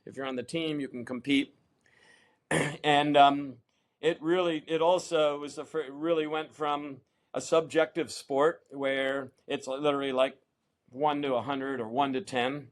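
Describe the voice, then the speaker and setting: Animated man telling a story. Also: a little high, a little slow. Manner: animated storyteller, acts out quoted voices. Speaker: interview guest, champion kayaker. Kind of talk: casual storytelling interview.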